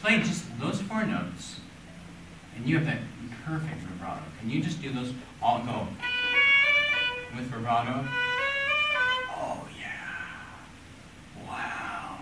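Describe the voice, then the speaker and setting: A man's voice: mid-range voice, expressive, unhurried, pauses often, far from the mic, over loud music. Encouraging man coaching violin in an echoey room. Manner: encouraging, patient, asks questions. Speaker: violin teacher giving a critique. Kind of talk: gentle coaching of a child. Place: conservatory room with violin playing.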